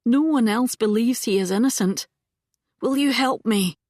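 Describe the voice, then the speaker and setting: A woman's voice: a little high, moderate pace, darkish tone, dry recording, studio quality, voice pushed up, lightly acted. A woman reading an audiobook voices a determined young woman who speaks in a firm, urgent way.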